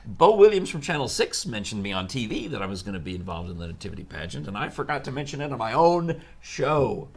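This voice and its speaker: A man's voice: medium pitch, sing-song, quick pace, vocal fry, few pauses, slightly rough. A man hosting a live chat show, telling stories in a chatty way and laughing often. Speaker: show host.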